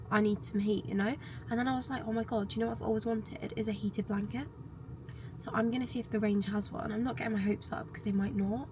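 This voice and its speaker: A woman's voice: mid-range voice, noisy background. A young woman chatting casually to camera in a rambling vlog, her talk full of "like" fillers. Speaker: vlogger and fitness coach.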